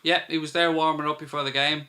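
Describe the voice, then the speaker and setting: An Irish man hosts a live football watchalong in a casual, chatty way. His voice sits a little high and sounds bright and forward. He reads out viewer questions and answers them as he goes. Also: little pitch movement, fast talker. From Ireland. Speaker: host.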